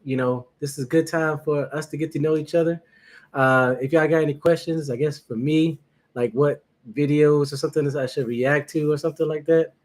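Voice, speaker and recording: Nervous, chatty livestream host, man. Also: a little high. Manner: chatty, greets viewers by name, laughs often. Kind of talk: casual livestream chat to viewers.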